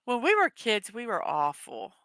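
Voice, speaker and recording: A woman's voice: fairly high pitch, huge pitch swings, moderate pace, fairly bright tone, dry recording. A middle-aged woman hosting a casual morning show, chatting and laughing often as she reads out jokes. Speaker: host of a daily morning show. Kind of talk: casual chat reading memes to a live audience.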